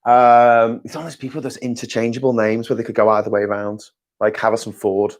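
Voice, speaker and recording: A man hosting a loose live-stream chat, reading viewer comments aloud. He rambles and corrects himself mid-sentence, tosses in sarcastic jokes and casual swearing. His pitch sits in the middle range. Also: little pitch movement, fast. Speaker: host.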